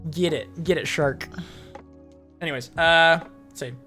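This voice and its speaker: Low-voiced, swearing young woman streamer. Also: measured pace, pushed and bright. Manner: profane, giggly, rambling with many fillers. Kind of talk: casual chat while reading fanfiction aloud on stream. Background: faint music.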